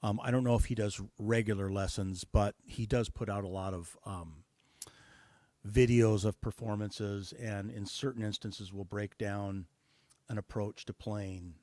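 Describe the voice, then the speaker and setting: Man, low voice, dry close mic, interview guest, thoughtful, hesitant fillers. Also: fairly even intonation, a little slow, darkish tone, dry recording. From United States. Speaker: guest musician. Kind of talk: casual interview talk.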